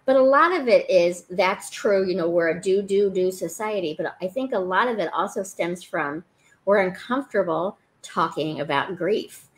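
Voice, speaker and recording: A woman's voice: lowish voice, moderate pace, poor audio. A woman hosting a live online chat, talking in an earnest, thoughtful way and often restarting her sentences. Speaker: host.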